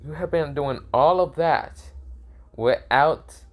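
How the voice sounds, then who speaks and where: A man's voice: fairly high pitch, slow pace, pitched above the performer's own voice. A man voicing a stern older clan leader in a fan story, scolding and demanding answers. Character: stern older male clan head, grandfather.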